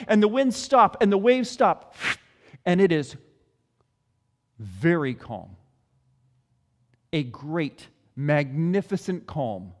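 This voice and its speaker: A man preaching a sermon, telling the story with expressive delivery. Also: high-pitched, slow pace.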